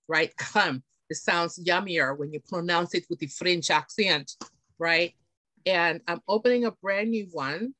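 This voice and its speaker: A woman's voice: fairly low pitch, bright, forceful tone, no room sound. A woman presenting beauty products in a chatty, enthusiastic way, often checking in with her audience. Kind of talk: live product demonstration. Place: home, on camera.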